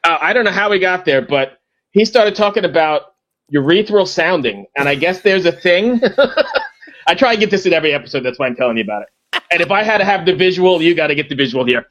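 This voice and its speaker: A man co-hosting a casual podcast who teases his guest with jokey questions. His voice sits slightly high. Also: expressive, fast talker, a bit bright, highs cut off. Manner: teasing, jokey interviewer. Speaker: podcast co-host.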